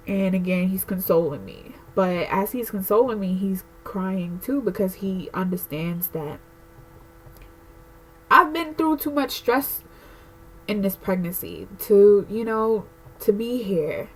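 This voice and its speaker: A woman's voice: medium pitch, a little slow, husky, low-quality recording. Pregnant young woman venting candidly. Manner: candid, emotional, rambling with many fillers. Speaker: vlogger. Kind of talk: casual personal rant to camera.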